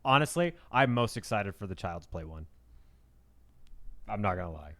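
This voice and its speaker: A man co-hosting a podcast between friends, pitching ideas in loose casual chat full of fillers like "like" and "literally". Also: lively intonation, moderate pace, fairly bright tone. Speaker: podcast co-host.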